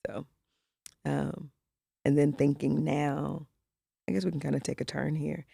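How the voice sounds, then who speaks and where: A woman's voice: sits low, level tone, unhurried, gravelly, mellow, husky, no room sound, studio quality. A middle-aged woman co-hosting a podcast, telling a personal story in candid casual conversation and acting out the voices of the people she quotes. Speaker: podcast co-host.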